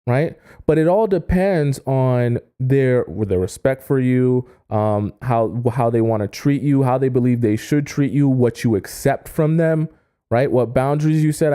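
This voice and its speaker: A man hosting a dating-advice live stream in a mellow, soft-edged voice. He talks directly to his viewers and reads their comments aloud. He keeps punctuating his points with "right?" and "okay?". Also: mid-range voice. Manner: repeats "right?" and "okay?", addresses the chat directly. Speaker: dating coach.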